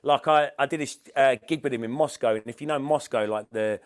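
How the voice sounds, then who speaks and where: A man's voice: mid-range voice, quick pace, clear, resonant tone. Man swearing through a story. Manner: swears freely, laughs through stories. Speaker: podcast co-host. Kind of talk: casual chat.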